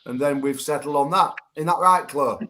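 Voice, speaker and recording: A man's voice: on the high side, normal speed. A man hosting a casual online chat show over a video call, teasing and swearing with his guests. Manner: teasing, swearing, laughing loudly. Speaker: show host.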